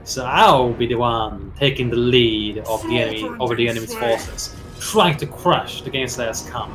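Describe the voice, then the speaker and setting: A man's voice: medium pitch, moderate pace, music in the background. A man hosting a strategy game session, talking casually and playfully while explaining the game as he plays. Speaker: host and player. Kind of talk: casual gameplay commentary.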